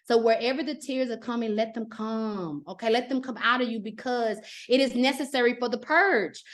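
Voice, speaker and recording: A middle-aged woman teaching an astrology class in a chatty, animated way, often checking in with "okay?" and acting out little quotes. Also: a little high, moderate pace. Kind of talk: live class, casual teaching.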